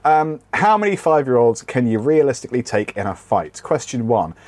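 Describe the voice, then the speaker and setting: A man's voice: medium pitch, very animated, moderate pace, darkish tone, no echo. A man co-hosting a comedy podcast, talking in a sardonic, rambling way and swearing freely. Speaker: podcast co-host. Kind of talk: casual comedic chat.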